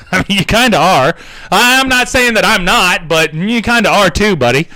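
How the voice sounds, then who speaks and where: A podcast host rants in a loose, comedic way, full of sarcasm and swearing. His voice sits a little high and has a very bright, forward ring. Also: animated, moderate pace. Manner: sarcastic, profane. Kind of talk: casual comedic rant.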